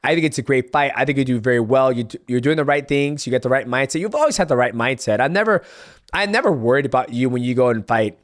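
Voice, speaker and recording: A man hosting a casual podcast, laughing easily and swearing in a relaxed way. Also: mid-range voice, fast. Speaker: podcast host.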